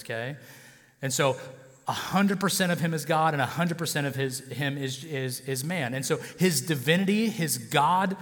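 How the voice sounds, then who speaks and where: A man's voice: medium pitch, fairly bright tone, big-room sound. A male pastor preaching a sermon in a casual, joking way, often checking in with his listeners.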